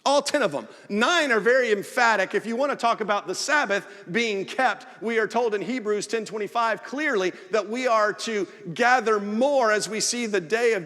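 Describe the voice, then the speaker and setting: Man, pastor, sermon, very high voice, echoing church sanctuary. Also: pushed and bright. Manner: earnest preaching with acted-out asides. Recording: long church hall reverb.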